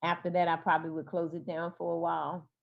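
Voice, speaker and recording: Halting woman therapist, dull lo-fi sound. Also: lowish voice, little pitch movement, creaky. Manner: hesitant, many fillers and restarts. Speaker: therapist guest. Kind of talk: interview talk.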